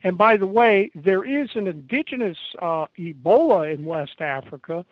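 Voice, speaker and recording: An American man giving a halting, emphatic interview over an internet call, pausing often. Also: sits high, expressive, no room sound. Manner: halting, emphatic, many pauses. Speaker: interview guest. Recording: dull lo-fi internet call audio.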